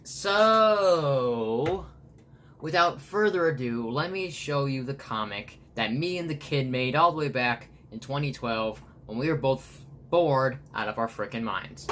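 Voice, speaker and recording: Raspy male vlogger, rambling show-and-tell, ordinary pitch, faint background hiss. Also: expressive, unhurried, fairly bright tone. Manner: rambling, many fillers and restarts. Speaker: comic artist and vlogger.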